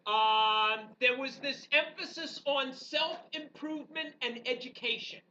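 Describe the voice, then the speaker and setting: A woman history teacher giving an animated, joking classroom lecture full of rhetorical questions to her students. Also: sits high, unhurried. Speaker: high school history teacher. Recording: dull, distant classroom recording with faint background noise.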